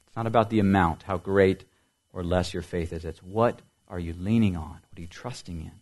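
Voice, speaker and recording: A man preaching a sermon as pastor, building to loud emphasis and dropping to soft, quiet lines, often repeating and asking questions. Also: deep voice, brisk. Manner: dynamic preaching, swings from loud emphasis to soft near-whispers.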